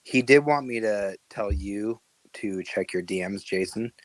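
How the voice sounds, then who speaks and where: A man with a lowish voice moves things along briskly and passes the floor to the next speaker. The sound is dry and close. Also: no room sound, rough recording. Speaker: co-host moderating speakers. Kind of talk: casual moderating in a live audio chat room.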